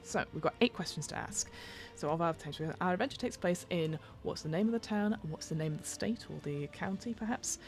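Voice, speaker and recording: A British woman hosts a podcast, reading from a rulebook and wandering off into tangents as she restarts her sentences. Her voice sits low and carries a gravelly fry. A little music plays faintly underneath. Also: lively intonation, a little fast. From United Kingdom. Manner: rambling, self-interrupting, tangents. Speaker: podcast host and game master. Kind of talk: reading a rulebook aloud with chatty asides.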